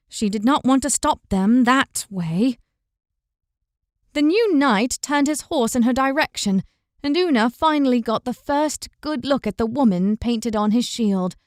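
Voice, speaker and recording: A woman narrating a fantasy audiobook in an even, measured storytelling voice, close to the mic. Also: a little high, dry recording.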